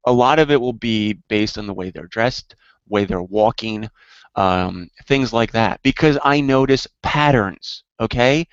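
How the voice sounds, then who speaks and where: A man's voice: mid-range voice, clear, resonant tone, dry recording, lo-fi sound. Insistent man lecturing in voice chat. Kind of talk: heated online debate.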